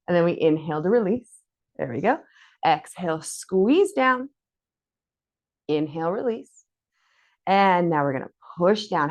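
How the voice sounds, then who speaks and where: A woman with a fairly low voice leads a guided core workout, counting out reps and cheering the listener on. She sounds slightly breathless, as if she is doing every move herself. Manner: encouraging, counts reps aloud. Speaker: fitness instructor.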